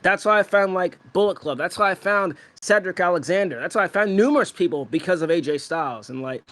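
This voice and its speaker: Young guy on a podcast, kinda high voice, hyped and rambly, dry room. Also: fairly quick, no echo. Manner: excited fan gushing, rambling with fillers. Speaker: podcast co-host. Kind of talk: casual podcast chat.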